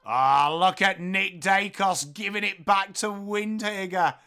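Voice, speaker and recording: An English man hosting a live football watchalong, calling the play and joking with chat viewers in an excitable, playful way. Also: sits high, measured pace, few pauses, clean tone. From England. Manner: excitable, jokey, bursts into loud calls of the play. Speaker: watchalong host.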